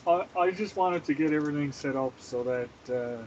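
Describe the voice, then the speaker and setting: A man's voice: a little high, normal speed, darkish tone, dull audio, a little hiss or hum. A man from Canada chatting casually on a live stream while he cooks, laughing often and greeting viewers by name.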